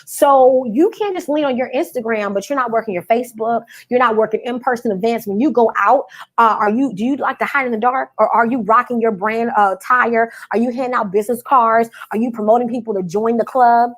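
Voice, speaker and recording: A woman with a fairly high voice coaching business owners on a live stream. She talks with a lot of energy and repeats her points to drive them home. She keeps calling on her viewers to answer back, with traces of in her speech. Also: fairly quick. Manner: energetic, call-and-response, repeats for emphasis.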